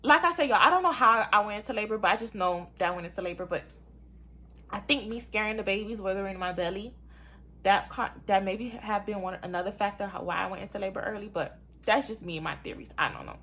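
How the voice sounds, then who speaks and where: A young woman casually telling her own story to her viewers, animated, often calling them y'all and acting out what people said in a high voice. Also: fast.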